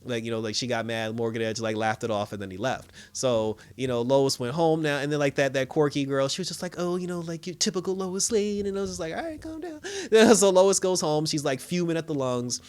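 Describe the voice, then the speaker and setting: Guy doing a loose tv episode recap, swears a lot, acts out the lines, middle pitch. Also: brisk, hardly any pauses, smooth. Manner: animated, laughing, swearing, acts out quotes. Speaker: show reviewer.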